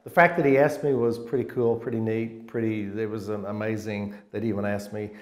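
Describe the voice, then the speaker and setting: A man in his sixties, a former college football player, reminiscing in a casual interview as a rambling, animated storyteller who often restarts his sentences. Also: lowish voice, brisk. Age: 60s. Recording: roomy echo.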